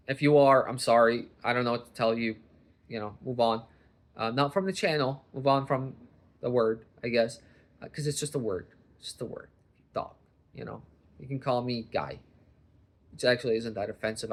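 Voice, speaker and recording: A young man rambling in a casual vlog monologue, often breaking off and restarting, and jumping up loud and high when he acts out other people. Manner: rambling, self-interrupting, jumps to loud animated voices when quoting people. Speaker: vlogger.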